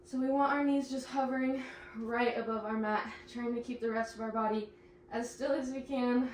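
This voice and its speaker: A young woman guides a pilates class, cueing each move and counting down while she works out herself and runs short of breath. Her voice sits a bit high, and it comes from some distance in an echoey room with faint background noise. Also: steady tone, normal speed. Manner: encouraging cues, breathless laughs while exercising. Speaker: pilates instructor. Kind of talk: instructing a workout class.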